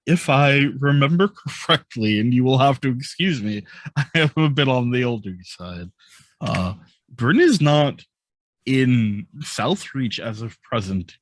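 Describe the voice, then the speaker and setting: A man's voice: mid-range voice, lively intonation, a little slow, no echo, natural voice. A man voicing a big, older male baron who is enthusiastic and apologetic in a tabletop game. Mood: sympathetic. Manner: effusive, apologetic, warmly enthusiastic.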